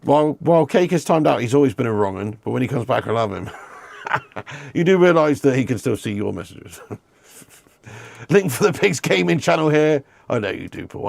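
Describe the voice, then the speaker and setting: A man with a gravelly, darkish, medium-pitched voice runs a live football watch-along, recorded without echo. He chats casually with his viewers, reading out their messages while swearing and laughing often.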